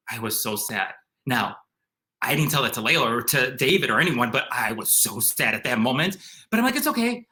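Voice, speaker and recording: Excitable man telling a personal story. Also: a little high. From Chicago area. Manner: animated, excitable, uses lots of "like" and "um". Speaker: storyteller guest.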